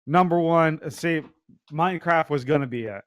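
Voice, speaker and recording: Male podcast co-host, halting delivery, fairly high voice, dry close sound. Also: a bit bright, dry recording. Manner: hesitant, lots of ums and likes. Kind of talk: casual gaming podcast chat.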